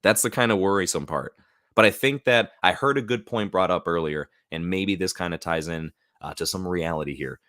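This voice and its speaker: Low-voiced American man rambling on a stream. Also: brisk, fairly bright tone, dry recording, clean studio sound. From United States. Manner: rambling, loose and chatty with many fillers. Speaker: live stream host. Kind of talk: casual live stream commentary. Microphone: new studio mic.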